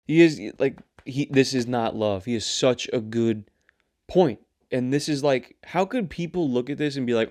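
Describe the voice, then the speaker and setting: A young man hosting his own show, rambling and swearing in a casual, animated rant. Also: medium pitch, moderate pace. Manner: rambling, profane, animated ranting. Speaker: show host. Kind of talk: casual solo commentary.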